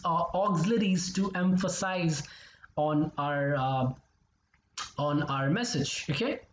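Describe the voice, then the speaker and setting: A man's voice: high voice, a little mellow, slight background noise. A male English teacher explaining grammar step by step. He repeats his examples and keeps checking in with "okay?" and "right?". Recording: echoey, slightly dull recording.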